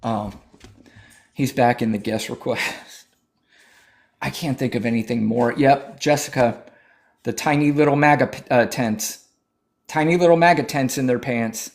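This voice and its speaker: A man's voice: medium pitch, gravelly. A man hosting a political livestream, talking in a brash, profane, mocking way, thanking viewers and scolding callers. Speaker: livestream host.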